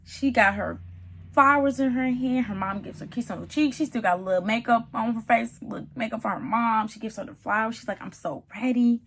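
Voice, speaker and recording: A woman giving a casual, animated reality-TV recap, chatty and calling the viewer "honey" and "baby". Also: fairly high pitch, a little fast. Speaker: TV show reviewer.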